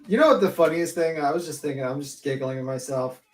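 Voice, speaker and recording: A woman's voice: sits low, fast, darkish tone. Ranting woman on an echoey stream. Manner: blunt, swearing, ranting. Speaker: livestream panelist. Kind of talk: casual chat. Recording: echoey room.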